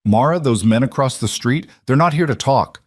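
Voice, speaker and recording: A man's voice: medium pitch, animated, normal speed, husky, dry recording, clean studio sound, pitched above the performer's own voice. A man voicing a commanding mafia boss. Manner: intense, commanding. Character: possessive, intense young mafia boss.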